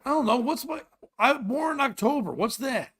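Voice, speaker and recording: A man hosting a comedy podcast, ranting in a loud, exasperated and profane way. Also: very high voice, lively intonation, moderate pace, breathy edge. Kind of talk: crude comedic rant.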